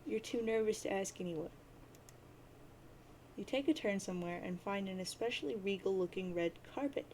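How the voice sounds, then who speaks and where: A woman reads a webcomic aloud in a relaxed, chatty way, dropping offhand asides as she goes. Her voice is mellow and sits at a middle pitch. A faint hiss runs behind the recording. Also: normal speed, low-quality recording. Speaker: webcomic reader, channel host. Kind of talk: casual read-aloud narration.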